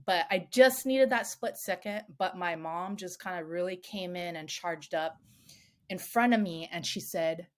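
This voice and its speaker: A woman, a self-defense coach on a podcast, tells a story in a lively, casual way, swearing freely and filling her speech with "like". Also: fairly low pitch, unhurried. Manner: animated, swears freely, many "like" fillers.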